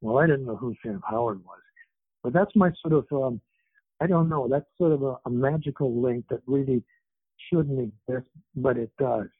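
A breathy-edged, medium-pitched male voice at normal speed belongs to an author in his seventies who was born in England and grew up in Canada. He's a guest in a casual interview on a tinny phone line, rambling with many fillers, in a dry recording.

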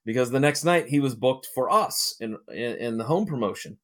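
Expressive and a bit bright, his mid-range voice moves at a normal speed. He's a middle-aged wrestling manager and promoter from Ohio, a guest rambling through a long story with fillers and restarts.

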